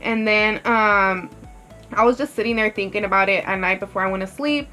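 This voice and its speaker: A young woman vlogger with a medium-pitched, bright voice talks briskly and forcefully, with faint music in the background. She tells her story in a rambling, candid get-ready-with-me style, saying "like" constantly and swearing freely.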